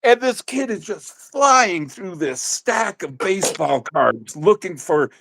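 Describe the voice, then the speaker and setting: A middle-aged man being interviewed, telling animated stories in a casual way and quick to laugh. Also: high voice, vocal fry. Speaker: interview guest.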